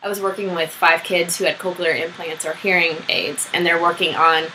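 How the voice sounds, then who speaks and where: A young woman music therapist chatting casually over a video call, laughing often and talking in quick bursts. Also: lowish voice, level tone, pushed and bright, low-quality recording.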